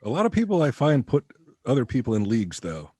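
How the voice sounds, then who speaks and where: A man's voice: mid-range voice, huge pitch swings, fast talker, warm tone, breathy edge, dry recording. A man guest on a comedy podcast who chats casually and makes dry, sardonic remarks. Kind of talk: casual chat. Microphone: video call.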